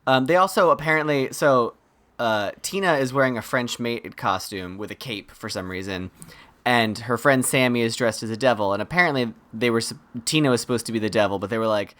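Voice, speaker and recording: A man's voice: medium pitch, a little fast. A man co-hosting a podcast, recapping a horror movie in casual chat and acting out the characters' lines. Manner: animated retelling, quotes characters in mock voices. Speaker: podcast co-host.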